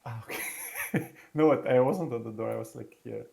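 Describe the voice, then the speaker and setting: Gravelly-voiced man playing a tabletop game. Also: medium pitch, normal speed, darkish tone. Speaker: player. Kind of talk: tabletop game play, in and out of character.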